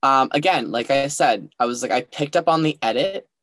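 A man's voice: mid-range voice, lively intonation, normal speed, fairly bright tone, a little hiss or hum. A young man co-hosting a casual recap chat, rambling and hedging, often restarting his sentences. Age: young adult. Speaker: co-host.

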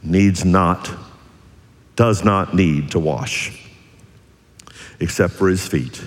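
Preacher man voicing a soft low kind teacher, slow, long church echo. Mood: tender. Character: gentle, compassionate teacher, adult man.

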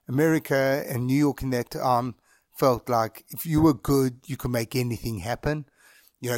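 A middle-aged man from Zimbabwe recounts memories for an interviewer in a relaxed, storytelling manner. His voice sits at an average pitch. The recording is dry and close. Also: no room sound. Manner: relaxed, anecdotal, chuckles while recounting. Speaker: interview guest.

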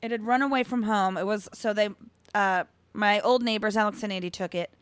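A woman co-hosting a comedy podcast, chatting casually with blunt, profane, deadpan asides. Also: medium pitch, a little fast, dry recording. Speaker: podcast co-host. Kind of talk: casual chat.

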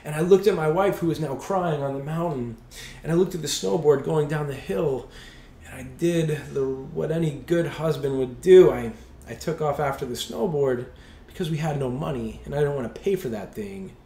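Male pastor, 40s, animated self-mocking storyteller, slightly high voice, roomy hall echo. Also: normal speed. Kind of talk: storytelling sermon.

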